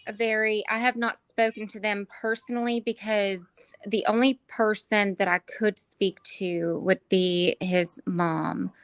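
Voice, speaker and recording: Weary, halting woman on a dry mic. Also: medium pitch, smooth, no room sound. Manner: halting, many restarts and fillers; weary and flat. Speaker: guest.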